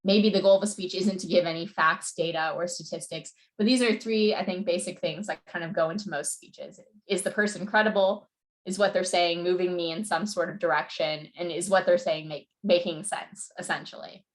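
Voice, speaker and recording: A young woman coaching on public speaking in a casual talk, speaking quickly with many fillers. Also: on the low side, steady tone. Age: young adult. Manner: fast-talking, many "like" and "you know" fillers.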